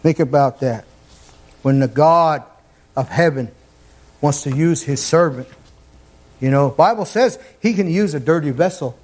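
A man preaching a fervent sermon, repeating his phrases and climbing toward near-shouts. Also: on the high side, unhurried, long pauses.

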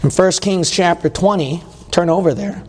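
A male preacher with a high voice delivers a sermon in a conversational style. He reads scripture passages aloud and keeps asking the congregation questions. A long reverb trails his words through the hall. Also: moderate pace, darkish tone, breathy edge.

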